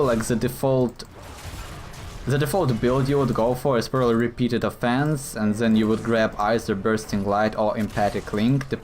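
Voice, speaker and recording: A man's voice: fairly low pitch, slight background noise. A man giving live commentary over his own gameplay, thinking aloud and explaining his choices in a hesitant, explanatory way.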